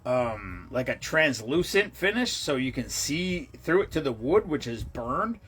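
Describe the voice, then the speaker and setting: A man's voice: medium pitch, very animated, unhurried, fairly bright tone, slightly rough. A man hosting a charity livestream, chatting casually with viewers in a rambling, profane way, with many restarts.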